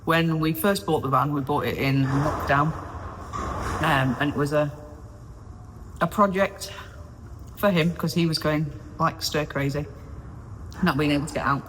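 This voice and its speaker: A woman's voice: low-pitched, unhurried, long pauses. A woman in her forties rambles cheerfully to a self-filmed camera, often drifting away from the mic as she works. The sound rings with a long echo off the hard walls of a small caravan, with a faint hiss of wind outside. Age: 40s. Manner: chatty, rambling, self-deprecating. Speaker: vlogger. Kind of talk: casual solo vlog chat. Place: small caravan interior under renovation, windy day. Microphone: self-filmed camera on a stabilizer, sometimes far off. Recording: echoey small room, faint wind noise.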